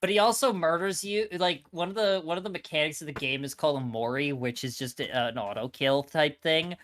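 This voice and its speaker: A woman's voice: low voice, fairly quick. A woman streamer reading game lines for fun, giggly and swearing often. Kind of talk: casual voice acting stream.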